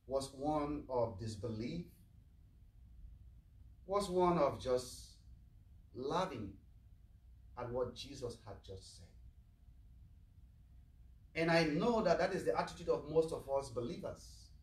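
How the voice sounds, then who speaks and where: Earnest priest preaching in an echoey chapel. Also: male voice, mid-range voice, expressive, takes it slowly, pauses often. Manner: plain, earnest, asks the flock questions. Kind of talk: sermon. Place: chapel of a medical center. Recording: echoey chapel, mic far off.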